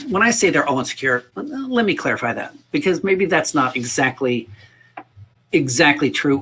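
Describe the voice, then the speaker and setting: A man's voice: mid-range voice, a bit bright, husky. A man leading a music workshop, talking earnestly in a rambling, casual way, often repeating himself. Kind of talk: casual spoken workshop talk. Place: indoors, livestream.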